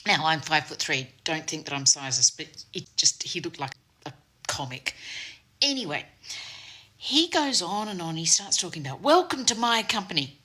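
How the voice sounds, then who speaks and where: A woman's voice: sits low, lively intonation, normal speed, bright, forceful tone. An Australian woman telling a workplace story in a blunt, sarcastic manner, swearing freely. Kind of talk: casual anecdote.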